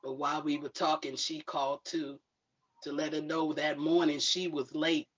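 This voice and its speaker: A man performing spoken word poetry on a livestream, slow and deliberate. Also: fairly high pitch, level tone, fairly bright tone. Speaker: poet. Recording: dull lo-fi livestream audio.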